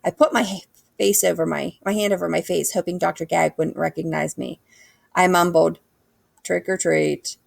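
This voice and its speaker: A woman reads a children's book aloud in a lively, animated way. Her voice sits low with a gravelly texture, and the recording is dry and close. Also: a little fast, dry recording. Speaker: reader.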